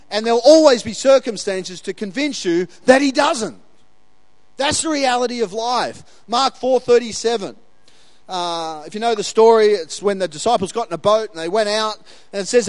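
High-voiced male pastor preaching. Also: no room sound. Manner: conversational and animated, laughs often, acts out quotes. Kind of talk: sermon.

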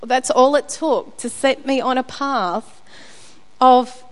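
At church, a woman with a high voice delivers a candid sermon, offering a personal testimony. She speaks slowly, often restarting and using fillers, and her words trail off into a long reverb tail.

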